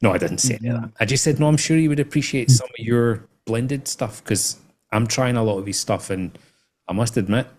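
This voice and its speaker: A man's voice: medium pitch, brisk, a little mellow, slight background noise. Teasing man hosting. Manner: teasing, crude joking. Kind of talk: casual banter.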